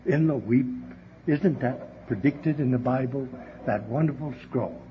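A man's voice: medium pitch, a little slow. A man preaching a heartfelt sermon to his congregation, often calling out to them as brethren. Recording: dull, lo-fi recording with faint hiss.

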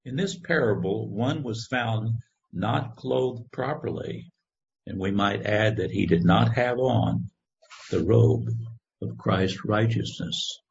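Slow, low-voiced man preaching. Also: creaky. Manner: slow, measured scripture reading. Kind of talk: sermon. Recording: dull lo-fi recording.

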